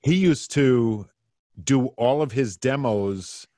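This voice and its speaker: A man on a podcast panel, a music producer, telling a reflective anecdote in an unhurried way. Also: mid-range voice, dark tone, dry recording.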